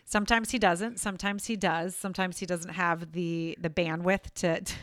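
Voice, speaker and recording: A woman hosting a podcast interview, telling stories in a chatty, animated way. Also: lowish voice, moderate pace, no room sound, studio quality. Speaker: podcast host. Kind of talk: casual interview chat.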